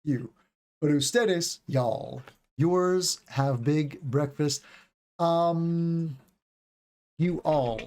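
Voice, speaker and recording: A man's voice: a little high, drawn-out words, pauses often, darkish tone. A man in his forties, an English teacher giving a casual livestream lesson, chatty and rambling, stretching out words to show stress and intonation. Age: 40s.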